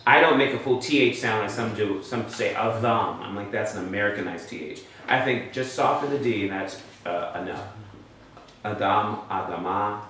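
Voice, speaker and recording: Speaking a little fast with few pauses, this male Hebrew teacher has a lowish, fairly bright voice. He explains patiently step by step and checks on his students, heard from far away in an echoey, faintly noisy room.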